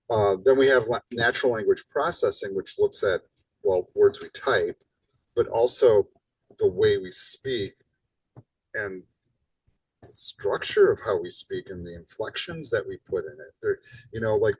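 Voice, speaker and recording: A man's voice: lowish voice, slightly rough, distant mic, low-quality recording. A man teaching a live college class in a casual lecture style, tagging points with "right?" and playing up his emphasis. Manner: casual, rhetorical "right?" tags, animated emphasis. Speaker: college instructor.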